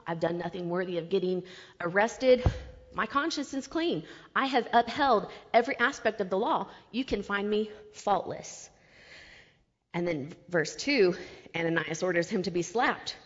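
Woman teaching scripture in a reverberant hall. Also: medium pitch. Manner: casual and chatty, with slang asides. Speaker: Bible teacher. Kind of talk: conversational Bible teaching. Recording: long reverb, dull lo-fi sound.

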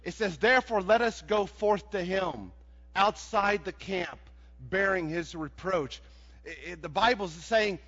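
A man preaching a sermon in a folksy, animated way, building to shouts. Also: sits high. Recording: dull sound with long hall reverb.

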